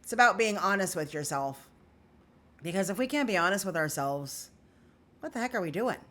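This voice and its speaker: A woman's voice: on the low side, lively intonation, moderate pace, a bit bright. A woman vlogging candidly to her viewers in an earnest, confessional way on an emotional day. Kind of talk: candid personal vlog.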